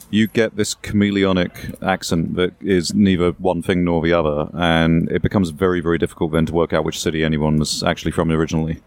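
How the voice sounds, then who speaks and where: An Englishman with a very deep voice and an English accent is a guest in an interview. He explains things at length in a relaxed, conversational manner, telling stories with asides and the odd bit of playful exaggeration.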